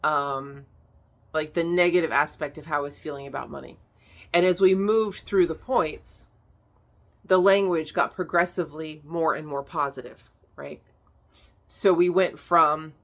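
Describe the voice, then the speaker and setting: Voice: medium pitch, moderate pace, a bit bright. A tapping instructor explaining a technique in a casual, chatty way, with plenty of "um", "like" and "right?" and some blunt, casual swearing.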